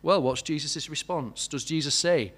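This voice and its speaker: A man's voice: on the high side, normal speed, fairly bright tone. A man preaching a sermon, asking many questions and building to emphatic peaks.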